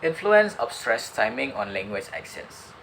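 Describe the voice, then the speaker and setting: A young man, a student with an Indonesian accent, summarizing a lecture in halting speech with many fillers and restarts. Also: mid-range voice, very animated, creaky, a bit bright, slight background noise, poor audio. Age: young adult. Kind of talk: student summary of a lecture, partly read aloud.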